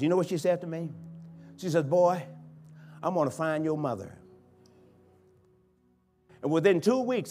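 A man with a notably high voice preaches a sermon in a church. He is fervent and dynamic, sinking to quiet pleading and then surging to full-voiced cries as a bishop. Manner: impassioned preaching that swings from hushed to shouting. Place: church sanctuary.

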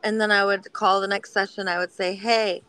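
A woman talking gently and protectively in a supportive heart-to-heart chat, often filling with "like" and "you know". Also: mid-range voice, little pitch movement, brisk, clear, resonant tone, no room sound, poor audio. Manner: gentle, nurturing, many filler likes.

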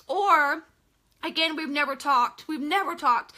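Woman, high voice, bright tone, chatty live coaching talk, frank asides to viewers. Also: a little slow. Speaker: network marketing coach.

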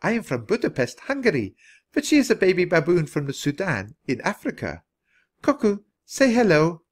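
A man's voice: sits high, huge pitch swings, normal speed, voice pushed up, full character voice. A man voicing a glamorous, theatrical countess who gushes over her pet and the children. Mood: gushing. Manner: gushing, grand and doting. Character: glamorous Hungarian countess, gushing, theatrical woman.

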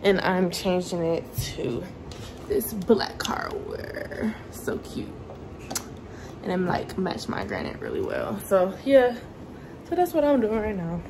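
A young woman chats and rambles in a home vlog, filming on her phone as she walks from room to room, sometimes propping the camera at a distance. Her lowish, gravelly voice swoops wildly in pitch and moves slowly, peppered with "like" and "y'all." Background noise can be heard.

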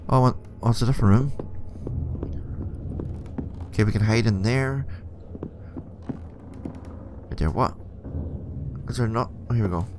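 A man's voice: medium pitch, unhurried, long pauses, noisy background. A man thinking aloud as he plays a horror game, swearing a lot, with game music behind him. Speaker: let's play gamer.

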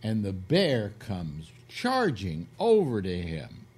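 A man's voice: on the low side, wildly swooping pitch, slow pace, darkish tone, a little hiss or hum. A man hosting a casual radio talk show, telling a long crude joke with acted-out quotes. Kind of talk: casual radio chat, storytelling.

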